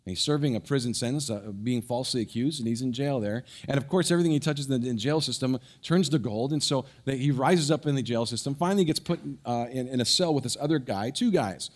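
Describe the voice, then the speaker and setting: Animated storytelling pastor, mid-pitched man. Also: fast talker, few pauses. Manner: animated storytelling, dropping soft and low for emphasis. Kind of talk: sermon.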